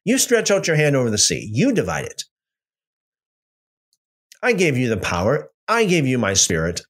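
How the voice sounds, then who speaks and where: A man's voice: mid-range voice, wildly swooping pitch, moderate pace, slightly rough. A man voicing God as an insistent, practical figure urging Moses on with short, emphatic commands.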